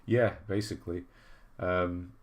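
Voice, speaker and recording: With a low, fairly even voice and a slow pace, an Englishman chats casually on his livestream. He reads out messages from viewers and laughs at himself along the way.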